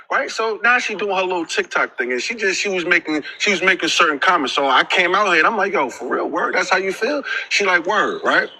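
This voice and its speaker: New guy getting defensive, stammers a lot, real bright sharp voice. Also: sits high, a little hiss or hum, poor audio. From New York. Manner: defensive, stammering, keeps saying hold on and right. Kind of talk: heated argument.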